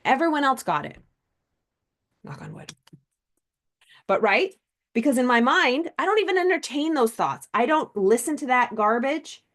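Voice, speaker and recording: A middle-aged woman host and mindset coach talking casually on a live stream, animated and chatty. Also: high-pitched, moderate pace, long pauses. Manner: animated, chatty, acts out quoted people.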